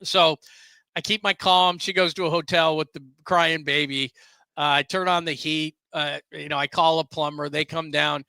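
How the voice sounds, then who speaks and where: Middle-aged male sports broadcaster, high bright voice, animated storyteller. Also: normal speed, gravelly, no echo. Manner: animated, bursts into shouts when quoting. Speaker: sports radio broadcaster, guest. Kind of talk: casual podcast chat, storytelling.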